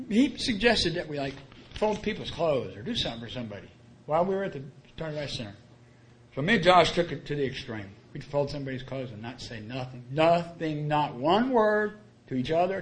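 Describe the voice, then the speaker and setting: A man's voice: on the high side, big pitch swings, normal speed, slight background noise. A man sharing his personal story at a recovery meeting, earnest and colloquial, often repeating his key phrases. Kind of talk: plain-spoken personal testimony.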